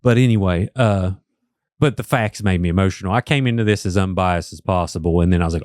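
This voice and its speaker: A man with an Appalachian accent co-hosts in a somewhat low voice, recorded dry and close. He talks in a loose, chatty way, full of fillers and emotional asides. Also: fast talker, darkish tone, no echo. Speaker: podcast co-host. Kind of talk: casual podcast conversation.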